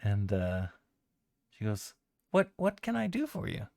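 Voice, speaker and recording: A man's voice: on the low side, huge pitch swings, unhurried, creaky, a little mellow, dry recording, studio quality, heavily acted. A man voicing a cheerful female goblin who collects keys, in a sweet, sing-song voice that is eager to help.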